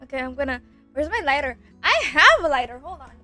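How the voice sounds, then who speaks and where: A young woman streams and chats into a close desk microphone, her voice sitting high and light. She rambles, giggles, and repeats herself when she gets flustered. Faint music plays quietly in the background. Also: sing-song, brisk. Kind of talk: casual livestream chat while eating. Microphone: close desk mic.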